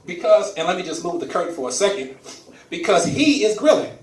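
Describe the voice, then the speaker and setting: Lively stand-up comic man in an echoey room. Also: high voice, fairly quick, recorded from a distance, a crowd in the background. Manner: animated, laughs at his own jokes, repeats words for emphasis. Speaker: stand-up comedian. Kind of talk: stand-up comedy set. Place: comedy club stage.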